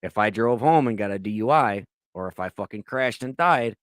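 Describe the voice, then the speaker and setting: A man in his thirties co-hosts a podcast, his fairly low voice animated, brisk and a little bright as he spins rambling, swear-filled stories in casual conversation. The recording is clean studio sound with no echo.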